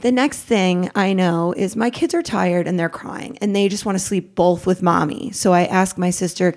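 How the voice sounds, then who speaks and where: A woman in her thirties, a podcast guest, telling a raw personal story in a lively way, jumping up in pitch when she quotes people. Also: moderate pace, hardly any pauses. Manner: animated, acts out quotes with pitch jumps.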